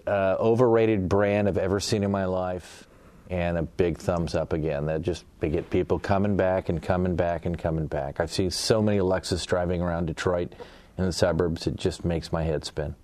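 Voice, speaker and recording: A middle-aged man, a former auto industry PR man, telling animated stories in a casual panel chat. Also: deep voice, normal speed. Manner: animated storyteller, laughs easily.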